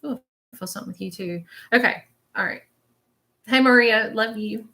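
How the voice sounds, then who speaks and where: A woman's voice: a little high, moderate pace, gravelly, sharp tone. A woman leading a live-stream reading as a spiritual medium, chatty and reassuring, often checking in with her viewers.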